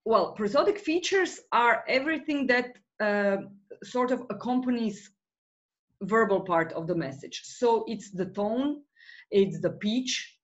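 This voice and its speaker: A woman's voice: medium pitch, unhurried, muffled recording. A woman being interviewed as a researcher, explaining her ideas thoughtfully with frequent hesitations. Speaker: guest researcher in rhetoric. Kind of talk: academic interview.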